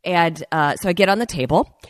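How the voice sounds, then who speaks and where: A woman's voice: on the low side, fairly quick, dry recording, studio quality. A woman hosting a podcast, telling a personal story in a casual, chatty way and often talking straight to her listeners. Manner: chatty, addresses listeners as "you guys". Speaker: podcast host.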